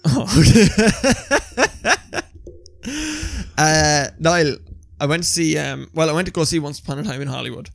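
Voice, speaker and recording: A young man, an animated storyteller who swears freely in casual chat. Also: a little high, normal speed, vocal fry, long pauses. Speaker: podcast co-host.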